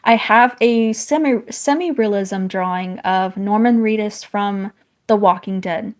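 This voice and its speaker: A woman's voice: medium pitch, unhurried. Woman, 30s, from the northern US; casual streamer who reads chat aloud, rambles and restarts often. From northern United States. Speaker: streamer chatting with viewers while drawing.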